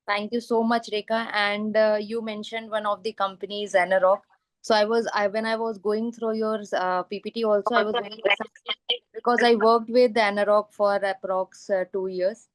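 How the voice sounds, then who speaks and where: A woman's voice: mid-range voice, little pitch movement, moderate pace, no room sound, rough recording. Woman hosting, dry sound. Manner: polite, hesitant, many fillers. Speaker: panel host. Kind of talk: online panel moderation.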